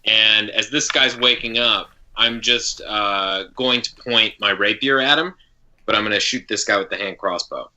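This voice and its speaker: Player, man, bright edgy tone, unsure rule questions, casual. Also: fairly low pitch, normal speed, rough recording. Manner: hesitant, asks rule questions. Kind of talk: casual game table chat.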